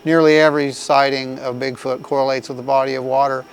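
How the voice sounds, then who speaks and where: A man's voice: mid-range voice, little pitch movement, fast, poor audio. A man in a documentary interview who explains his ideas by reasoning aloud.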